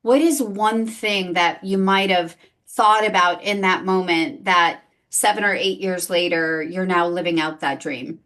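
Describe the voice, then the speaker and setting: A woman's voice: lowish voice, measured pace, fairly bright tone. A woman hosting a faith-based interview podcast, asking guests earnest, reflective questions. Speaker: podcast host.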